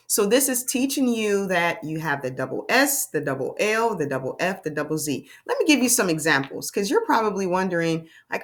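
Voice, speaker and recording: A woman teaching a children's phonics lesson, upbeat and drawn-out, sounding out letters for young kids. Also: on the low side, sing-song.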